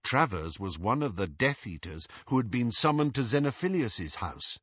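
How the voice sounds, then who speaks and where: A man reading a novel aloud as an audiobook narrator, with an expressive delivery. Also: medium pitch, moderate pace, slightly rough, dry recording, muffled recording.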